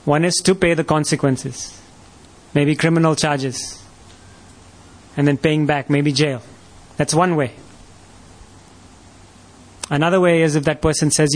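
A man's voice: a little high, steady tone, measured pace, pauses often. A man preaching a sermon, posing rhetorical questions and rising to emphatic peaks.

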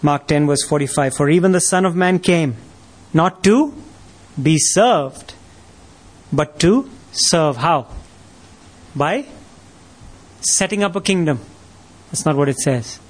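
A man's voice: a little high, animated, takes it slowly, pauses often. A man preaching a sermon, posing rhetorical questions and rising to emphatic peaks.

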